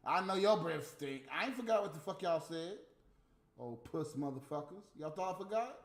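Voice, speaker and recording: A man's voice: on the high side, animated, moderate pace. Profane ranting man in an echoey room. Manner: profane, ranting, swings from mutters to loud outbursts. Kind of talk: casual rant to viewers. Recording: roomy echo, faint music behind.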